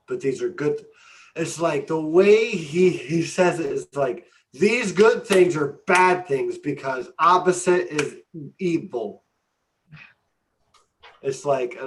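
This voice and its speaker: Slow, halting man on a podcast. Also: medium pitch, a little mellow, recorded from a distance, rough recording. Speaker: podcast co-host. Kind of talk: casual podcast chat.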